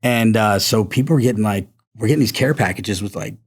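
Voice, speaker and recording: A man's voice: fairly low pitch, a little fast, husky. Laid-back man spinning an army story. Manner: rambling, animated, lots of fillers. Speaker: podcast guest, army veteran. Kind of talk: casual storytelling.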